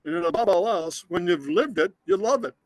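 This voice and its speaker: An older man from Scotland giving an emotional, earnest inspirational talk as a guest speaker, slowing down for emphasis. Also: high voice, no room sound, low-quality recording. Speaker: guest speaker, automotive designer.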